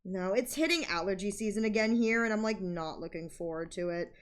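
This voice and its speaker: This streamer has a medium-pitched voice and a brisk pace. She draws while chatting in a rambling, casual way, laughing and using fillers often, and acts out others' lines as she tells her stories.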